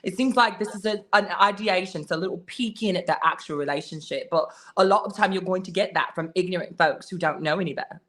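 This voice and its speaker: Sassy woman cohost, kinda low voice, teasing everybody. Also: fast, hardly any pauses, a bit bright. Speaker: co-host. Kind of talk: comedic talk show chat.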